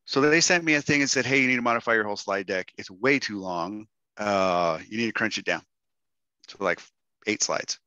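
Guy spinning a yarn, low voice, bright edge, acts out quotes, kinda muffled dry audio. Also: normal speed, dry recording. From Texas. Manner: animated storyteller, acts out quotes in raised voices. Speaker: guest speaker. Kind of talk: storytelling talk to a workshop audience.

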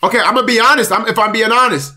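High-voiced young male host over chatter. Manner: quick, interjecting, repeats himself. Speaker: roast host. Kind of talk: casual refereeing chat.

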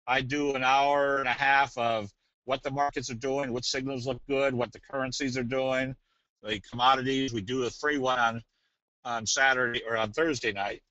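A man's voice: mid-range voice, steady tone, normal speed, pushed and bright, dry recording. Folksy man presenting a trading webinar. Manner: folksy, joking, salesy. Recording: dull dry webinar audio.

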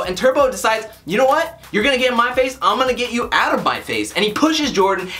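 Opinionated man recapping a reality show. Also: very high voice. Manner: animated, emphatic and critical.

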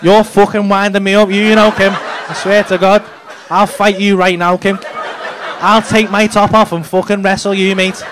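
A man's voice: high voice, level tone, moderate pace. A male stand-up comedian, teasing the audience in sweary banter on a comedy club stage. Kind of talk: crowd work at a comedy club. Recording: noisy live club recording. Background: audience laughter.

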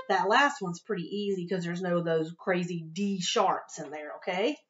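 A woman's voice: mid-range voice, normal speed, hardly any pauses, over loud music. A woman teaching violin to her students, talking them through tricky passages in a patient, encouraging way and often checking in with "okay?". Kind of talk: instrument lesson, talking students through a piece. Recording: dull home recording with violin playing.

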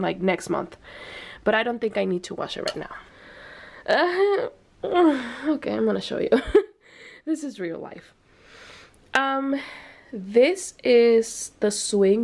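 A woman's voice: mid-range voice, darkish tone. A young woman giving a casual home tour vlog of a baby's nursery, chatty and thinking aloud with fillers and small laughs. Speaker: vlogger.

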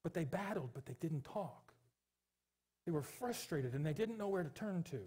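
A pastor in his forties preaches to his congregation in a church, his voice sitting a little high for a man. He pleads earnestly and sometimes breaks into animated, joking stretches. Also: moderate pace, slightly rough. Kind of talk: sermon. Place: church sanctuary.

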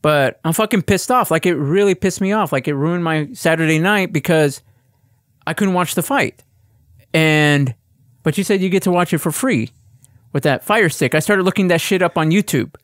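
A slightly high-voiced man ranting through a story in a casual hangout chat, swearing freely and getting worked up as he goes. His voice sits close and dry, with no room sound around it. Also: normal speed, dry recording. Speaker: podcast co-host.

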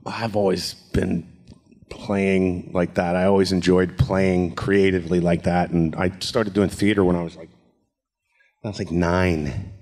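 A man's voice: low voice, level tone, unhurried, a little mellow. A man, a voice actor talking casually on a convention panel, joking and slipping into voices. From New Jersey. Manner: jokey, slips into character voices. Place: convention stage.

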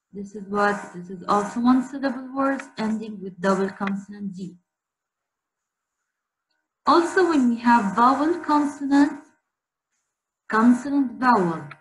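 A woman teacher giving a slow spelling lesson to children, repeating words so pupils can say them after her. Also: mid-range voice. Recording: echoey room with faint hum.

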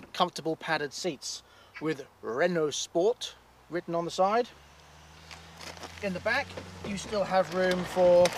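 High-voiced man reviewing cars. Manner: light-hearted, jokey presenting. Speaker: car reviewer, show host. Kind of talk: car review vlog. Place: outdoors by cars and inside a car while driving. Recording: distant mic with loud outdoor and road noise. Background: traffic and car noise.

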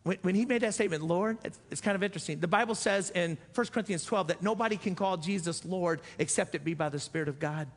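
A man's voice: high voice, fast talker, few pauses. A man preaching a sermon as pastor, earnest and repeating phrases for emphasis. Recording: echoey church hall.

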